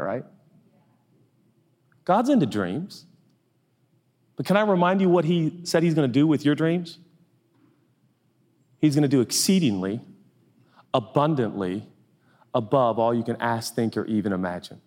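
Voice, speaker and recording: A man's voice: medium pitch, animated, normal speed, long pauses, darkish tone. A man preaching a sermon in a loose, joking way, acting out little dialogues. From US Northwest. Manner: conversational, jokey, acts out little dialogues. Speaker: pastor. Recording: long reverb of a large hall.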